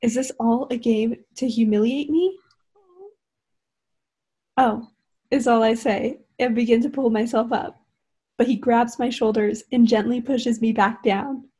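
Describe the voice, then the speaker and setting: A woman's voice: a little high, steady tone, measured pace, pauses often, warm tone, husky. A woman reading a novel aloud over a video call, trying not to giggle. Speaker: reader in a group reading.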